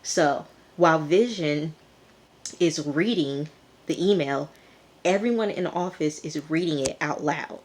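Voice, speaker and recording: Woman, TV reviewer, casual rambling recap, hand-held phone, slightly low voice. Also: measured pace. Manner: chatty, rambling, with frequent fillers. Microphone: phone camera held in hand.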